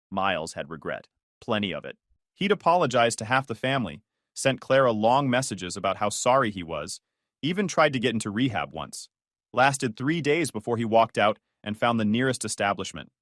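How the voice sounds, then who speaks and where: Male narrator, measured delivery, animated intonation, dead-dry read. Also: mid-range voice, no echo. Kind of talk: first-person story narration.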